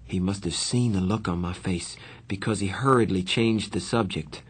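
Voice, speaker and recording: A man narrating a first-person story in measured, plain storytelling. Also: low voice, breathy edge. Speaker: audiobook narrator.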